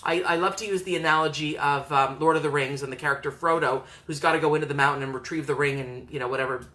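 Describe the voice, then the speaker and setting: Bright-voiced woman coaching earnestly. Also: low voice, fairly even intonation, fast. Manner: earnest, encouraging, acts out quoted voices. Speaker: psychotherapist and coach. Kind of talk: motivational talk to camera.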